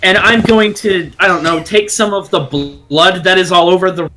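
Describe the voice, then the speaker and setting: A man playing a tabletop game, describing his character's actions in an animated, playful way. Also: sits high, moderate pace, soft background music. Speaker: player.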